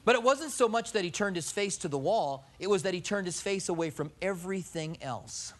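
Animated man preaching a lively sermon. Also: sits high, a little fast. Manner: animated preaching, rhetorical questions and acted-out quotes. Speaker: pastor.

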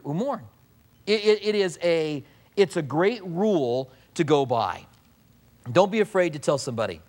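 A man's voice: on the high side, big pitch swings, fairly quick. A man preaching a sermon as pastor, in a conversational way, often mimicking what people say.

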